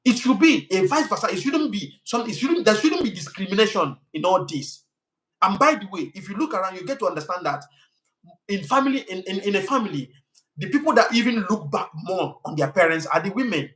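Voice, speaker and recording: A man's voice: sits high, big pitch swings, fairly quick, fairly bright tone, poor audio. A young Nigerian man with a Nigerian accent hosting a live stream, talking passionately with many restarts and heated outbursts at commenters.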